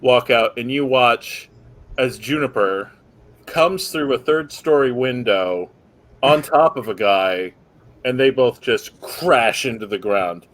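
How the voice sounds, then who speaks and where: A man's voice: medium pitch, slow pace. Man narrating as game master. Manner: relaxed, rule-explaining narration with fillers.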